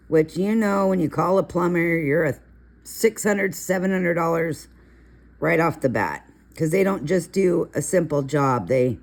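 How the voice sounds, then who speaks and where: Middle-aged woman, deep speaking voice, relaxed chatty host who drifts into long personal stories. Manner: chatty, storytelling, rambling asides. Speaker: coloring video host. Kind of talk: casual coloring tutorial chat.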